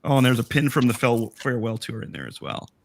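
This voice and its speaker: A man in casual chat over a video call, his voice going a bit hoarse, rambling excitedly as he shows off his collection. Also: mid-range voice, fast. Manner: excited, rambling, self-interrupting. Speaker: collector showing memorabilia.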